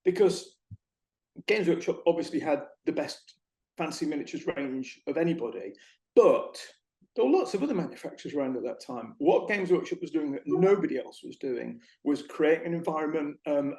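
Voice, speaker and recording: A middle-aged man, a guest in an interview, telling animated stories and acting out shop conversations. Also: on the high side. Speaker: interview guest, former retail manager. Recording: echoey room.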